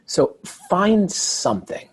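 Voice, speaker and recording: With a high, slightly rough voice and a slow delivery, this man is being interviewed as a guest author. The conversation is relaxed, and he tells stories with energy, performing the quoted lines.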